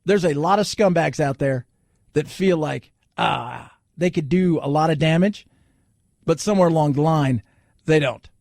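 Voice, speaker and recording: High-voiced blunt talk radio host. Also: male voice, normal speed, creaky, a little mellow, dry recording, studio quality. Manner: blunt and jokey, slips into mocking voices. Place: radio studio.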